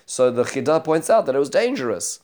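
A man's voice: mid-range voice, very animated, brisk, darkish tone. A man teaching a Bible study lesson, retelling the chapter as a story, voicing the quoted speakers, with many fillers and restarts.

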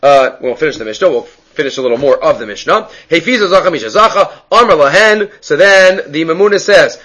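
A man with a bright, forceful voice pitched a little above most men's leads a Mishnah class. He explains each phrase step by step, mixing Hebrew terms into his English, and often thinks aloud before going on. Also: animated, brisk, few pauses, poor audio. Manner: thinks aloud with frequent fillers and restarts. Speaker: Torah teacher.

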